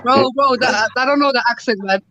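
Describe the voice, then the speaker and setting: A woman's voice: a little high, fairly quick, pushed and bright, lo-fi sound, slight background noise. A woman in a heated online panel argument, taunting and mocking the other side. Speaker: debate panelist.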